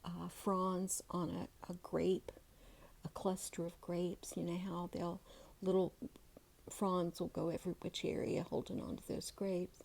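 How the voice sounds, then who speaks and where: Slow, soft-spoken woman telling a story. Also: on the low side, little pitch movement, gravelly. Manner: soft, halting, with many ums and pauses. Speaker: channel host telling a family story. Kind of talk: reading from a personal journal.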